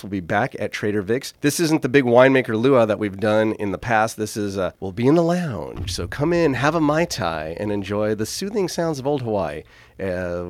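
A man's voice: mid-range voice, no room sound. A man co-hosting a casual radio talk show, upbeat and chatty as he promotes upcoming events. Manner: upbeat, plugs events at length.

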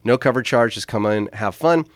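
A man's voice: medium pitch, normal speed, dry recording. A man co-hosting a local radio talk show, chatty and upbeat, with a mid-range voice. His voice sits close and dry, with no room sound around it. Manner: upbeat, plugs events at length. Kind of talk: casual radio chat.

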